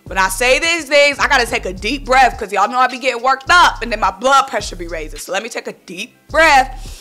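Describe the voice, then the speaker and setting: Fired-up woman with a bright voice. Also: on the high side, a little fast, soft background music. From Philadelphia. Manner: animated, worked-up, blunt, speaks to viewers as y'all. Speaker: sports vlogger. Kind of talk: casual sports opinion vlog.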